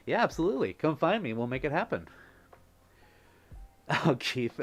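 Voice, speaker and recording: A man's voice: fairly high pitch, big pitch swings, unhurried, long pauses. A man hosting a casual livestream, effusive and laughing often as he thanks viewers. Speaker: livestream host.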